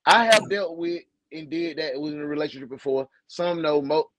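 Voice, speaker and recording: A man co-hosting a casual podcast, talking bluntly and profanely, jumping from loud outbursts to low mumbles. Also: normal speed, dry recording, rough recording. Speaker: podcast co-host. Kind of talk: candid casual podcast chat.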